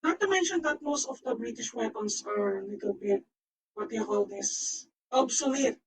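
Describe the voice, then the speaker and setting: A woman streamer with a voice changer filter, chatting excitably and rambling, swearing freely and slurring her words at times. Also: a little high, moderate pace, vocal fry, distant mic, low-quality recording. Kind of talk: live stream reaction chat.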